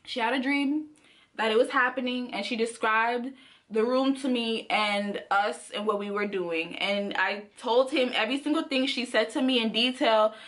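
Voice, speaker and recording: A young woman from the Caribbean, a vlogger telling a story in casual, slangy, animated talk. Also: on the high side, normal speed. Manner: animated, slangy, laughs often.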